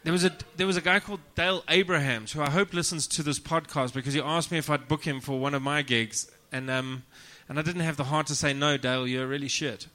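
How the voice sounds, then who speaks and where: A South African man, a comedian guest, telling stories in a deadpan, profane, self-mocking way in a casual podcast chat. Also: on the high side, quick pace, few pauses.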